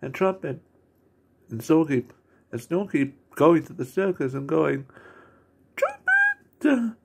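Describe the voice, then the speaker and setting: A man casually narrating and describing a fan video, with halting phrasing that breaks off and restarts. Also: a little high, creaky, a little mellow, slightly rough.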